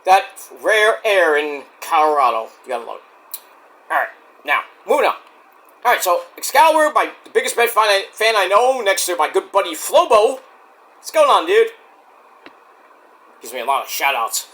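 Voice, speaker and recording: Animated man with a bright voice. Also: high-pitched, brisk. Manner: rambling, animated, acts out quotes loudly. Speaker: wrestling show reviewer. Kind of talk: casual solo review.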